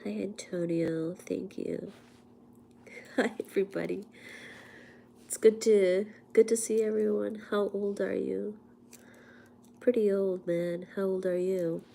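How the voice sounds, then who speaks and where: A woman chats on a livestream from her home, hoarse and worn down by a cold. Her unhurried, mellow voice often sinks into a whisper between coughs. A faint hiss sits under her voice. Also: mid-range voice, fairly even intonation. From India. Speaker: livestream host and physics teacher. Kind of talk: casual livestream chat. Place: at home, indoors.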